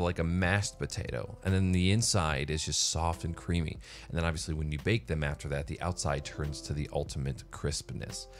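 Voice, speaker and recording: A man with a very deep voice talks through a casual solo vlog, rambling loosely and leaning on filler words. Faint music sits quietly in the background. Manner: rambling, conversational, with many "like"s and fillers. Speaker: vlogger.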